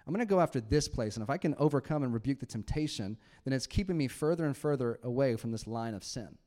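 A man in his thirties delivers a sermon in a relaxed, conversational manner, with a voice of ordinary middle pitch. He swings between quiet, hushed stretches and loud, emphatic passages. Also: fast talker. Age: 30s. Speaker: pastor.

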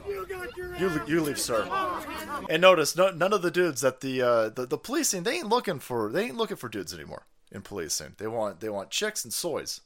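A man hosting a livestream, ranting in profane, mocking commentary over video clips. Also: on the high side. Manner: profane, mocking, loud outbursts. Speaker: streamer host.

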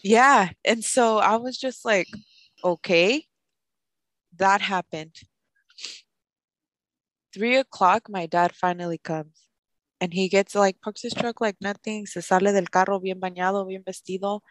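A young woman podcast host telling a personal story in a casual, animated way, with lots of "like". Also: mid-range voice, measured pace, no room sound. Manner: animated, fills speech with "like", acts out quoted voices.

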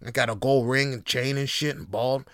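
Dude talking straight to camera, cussing a lot, laughs here and there, smooth voice, dry sound. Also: male voice, mid-range voice, steady tone, moderate pace, a bit bright, no room sound. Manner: loose, profane, laughing asides. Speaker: host. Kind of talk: casual solo monologue.

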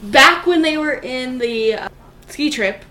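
A woman's voice: high-pitched, expressive, slow, bright, forceful tone. A young woman co-hosting a podcast, reacting to a movie in a brash, profane, mocking way. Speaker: podcast co-host. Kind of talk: casual movie-reaction chat.

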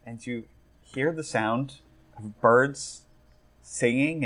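A man's voice: medium pitch, takes it slowly. A young man narrating as game master, talking casually and rambling with many fillers.

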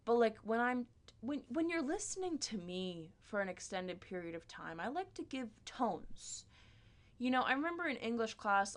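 Rambling, animated woman doing comedy. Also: medium pitch. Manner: rambling, self-deprecating, lots of "like". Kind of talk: comedic monologue.

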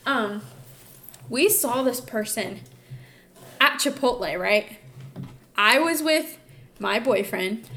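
Young woman, podcast co-host, casual chat, profane, animated storytelling, higher voice.

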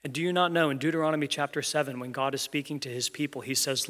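Earnest pastor preaching in an echoing church. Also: male voice, mid-range voice, steady tone, fast, few pauses, fairly bright tone. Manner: earnest, conversational, asks the congregation questions. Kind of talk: sermon. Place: church sanctuary.

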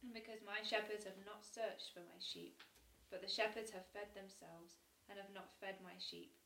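A woman with an English accent and a gravelly voice reads scripture and chats as a podcast guest. The room sounds echoey. She is a little off the mic, with a faint hiss behind. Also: mid-range voice, fairly even intonation, moderate pace, pushed and bright, distant mic. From England. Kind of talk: casual chat and scripture reading. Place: living room.

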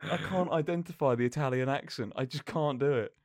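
A young man co-hosting a casual podcast, animated and self-mocking as he tells stories. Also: medium pitch, a little fast, dry recording, clean studio sound. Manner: animated, self-mocking, does silly voices. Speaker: podcast co-host. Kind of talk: casual chat.

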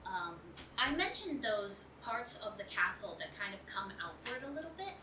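A woman's voice: mid-range voice, very animated, normal speed. Woman game master, rambling narration, filler-heavy; roomy, noisy, distant recording.

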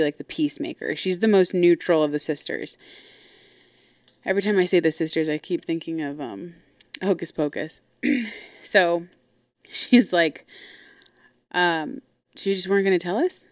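Low-voiced woman telling a story frankly. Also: fairly even intonation, measured pace, smooth, dry recording. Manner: candid, swears freely, quotes others animatedly. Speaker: podcast host. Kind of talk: casual storytelling.

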